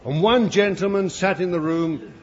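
Preaching a fervent sermon before a congregation in a church hall, this man has a high-pitched voice and talks at a normal speed, breaking off for emphatic asides to his listeners. Sound quality is dull and lo-fi, with a long reverb from the hall.

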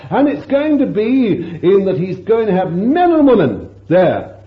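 A man's voice: sits high, huge pitch swings, a little slow. A man preaching a fervent sermon, breaking into exclamations of praise and asking his listeners rhetorical questions. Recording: echoey dull lo-fi sermon recording.

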